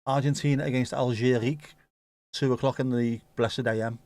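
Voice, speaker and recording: A man's voice: mid-range voice, steady tone, moderate pace, darkish tone, no echo. Joking man hosting a match watchalong. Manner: jokey banter, reading out viewer comments. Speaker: watchalong host. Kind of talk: casual live match commentary.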